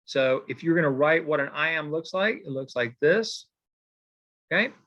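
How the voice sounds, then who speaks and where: Expressive and speaking at a normal speed, a man with a higher, fairly bright voice teaches poetry in a recorded lecture. He rambles casually with many fillers, keeps asking "okay?", and marks examples by hand on a board as he explains.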